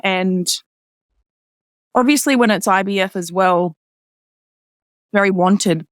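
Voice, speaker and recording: A woman guest speaks slowly as she tells a personal story in a casual podcast conversation, filling it with "like" and quoting people in a lifted voice. The recording is dry and studio quality.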